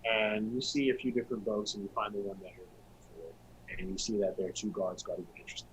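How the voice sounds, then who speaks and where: A game master with a notably low voice, describing scenes at an easy, unhurried pace. He uses plenty of fillers as he paints the setting. A faint background noise runs under him. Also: rough recording. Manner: relaxed descriptive narration with fillers. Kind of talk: narrating a tabletop game.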